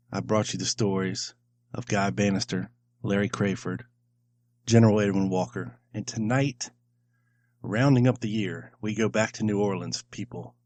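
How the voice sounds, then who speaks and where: Wordy podcast host man with a low voice. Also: a little mellow, no room sound. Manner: wordy, grandiose, repeats himself. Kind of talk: casual podcast monologue.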